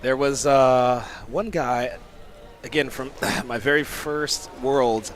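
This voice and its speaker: A man, a sumo coach, giving casual sports commentary, excitable and often laughing while telling rambling stories. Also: medium pitch, slow, faint music behind. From United States.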